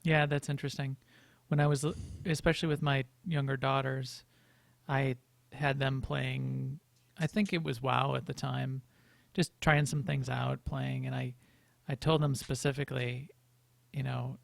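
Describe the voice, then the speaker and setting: Middle-aged male co-host, very gravelly and flat, plain explainer, dry close mic. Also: mid-range voice, unhurried, dry recording. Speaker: podcast co-host. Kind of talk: casual chat.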